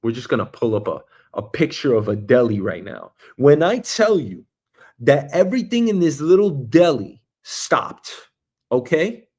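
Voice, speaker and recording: A man from Queens, hosting a show and telling a meandering comic story, swinging between loud bursts and quiet asides. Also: medium pitch, sing-song, unhurried. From Queens, New York, US. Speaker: show host. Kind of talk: rambling comic monologue. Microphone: streaming mic.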